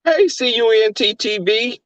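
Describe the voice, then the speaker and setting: A man's voice: very high-pitched, expressive, moderate pace, a bit bright, no echo, rough recording. A man with a Southern US accent hosting a livestream, chatting with viewers in a brash, profane, camp manner. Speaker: livestream host. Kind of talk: casual chat with live viewers.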